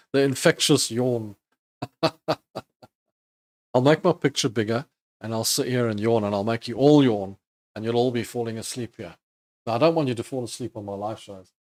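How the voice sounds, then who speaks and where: A man's voice: medium pitch, a little mellow. A man hosting a live trading stream, casually thinking aloud over charts and chatting with viewers. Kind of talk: live market commentary.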